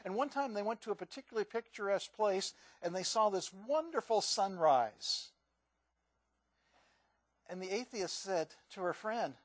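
A man's voice: high voice, lively intonation, moderate pace, no room sound. A male pastor giving a conversational sermon, asking the congregation questions.

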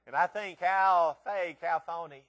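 Man, preacher, sermon, high voice, folksy storytelling, acted-out voices. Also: unhurried, fairly bright tone.

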